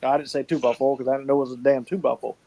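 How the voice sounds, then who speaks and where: A man's voice: mid-range voice, little pitch movement, rapid-fire, mellow, rough recording. A man, telling colorful, salty stories about his family in casual chat. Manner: colorful folksy storyteller, salty language.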